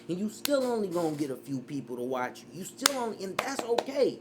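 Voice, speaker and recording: A man's voice: high voice, very animated, a little fast, background noise. A man giving casual reaction commentary as a streamer, emphatic and profane, repeating his points.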